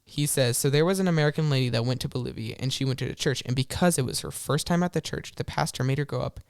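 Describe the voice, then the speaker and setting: A man's voice: medium pitch, fast talker, vocal fry, clean tone, dry recording. A man co-hosting a podcast, reading listener stories aloud and chatting in a hesitant, easygoing way. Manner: hesitant, restarts with fillers, laughs along. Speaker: podcast co-host.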